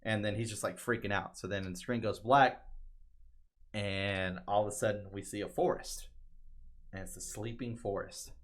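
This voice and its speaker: A man's voice: lowish voice, moderate pace. A man casually recapping a video game story, acting out the characters' lines with lots of fillers. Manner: animated retelling with quoted voices and frequent fillers. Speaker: podcast co-host.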